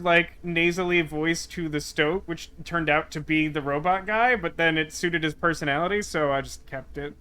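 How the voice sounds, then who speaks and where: Male streamer, casual play-by-play, thinks aloud and mutters; high-ish, bright tone. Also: fairly even intonation, moderate pace, few pauses, clean tone. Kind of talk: casual gameplay commentary.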